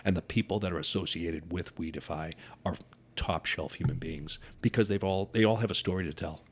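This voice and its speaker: Deaf man, middle-aged, very deep voice, casual interview chat, earnest storytelling. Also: a little fast, breathy edge. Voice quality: deaf speaker who wears hearing aids. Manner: earnest storyteller acting out quoted dialogue. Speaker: podcast guest.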